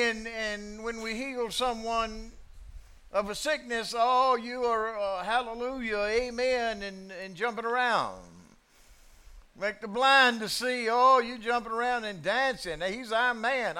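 A preacher voicing a calm but stern teacher who scolds his followers and teases their fickle faith. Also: extremely high pitch, a little slow, clean tone, pitched above the performer's own voice, exaggerated voice. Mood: stern chiding. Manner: firm, chiding, mildly mocking.

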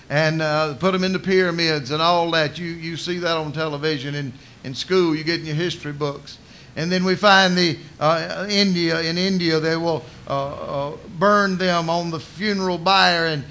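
A male preacher delivering a sermon like a told story, folksy and full of colloquial asides. His voice is bright and ringing and sits fairly high for a man.

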